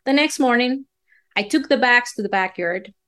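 A woman's voice: a little high, animated, normal speed, fairly bright tone. A woman storyteller spinning a folksy, dramatic tall tale in a drawling way.

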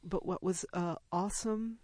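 An older woman tells a personal story at medium pitch and a moderate pace, animated and laughing as she goes. She acts out other people's lines, and the recording is dry.

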